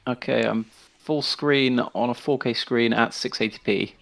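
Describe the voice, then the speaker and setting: A man's voice: mid-range voice, measured pace, vocal fry, fairly bright tone. A man playing along on a stream, hesitant and laughing easily as he chats. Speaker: co-player. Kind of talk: casual gaming chat.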